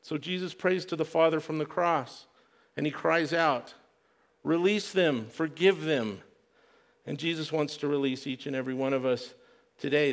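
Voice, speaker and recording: A man preaching a sermon, earnest, restarting and repeating words, dropping to a hush for quoted prayer. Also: fairly high pitch. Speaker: pastor.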